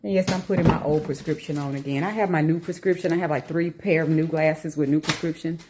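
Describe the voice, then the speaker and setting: A woman vlogger at home talking casually to the camera, animated and emphatic, slipping into rants and laughter. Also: low voice, fast talker, slight background noise.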